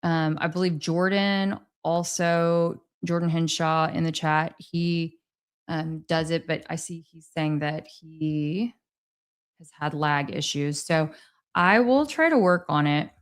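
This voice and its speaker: Slow and smooth, her low voice carries a relaxed livestream where she talks with the chat. Her speech is rambling and hesitant, full of restarts.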